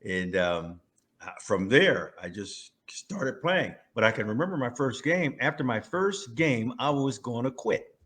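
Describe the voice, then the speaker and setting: A man in his sixties from California, a former pro football player, telling stories in a casual interview. His delivery is animated, with frequent restarts and chuckles. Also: medium pitch, a little slow.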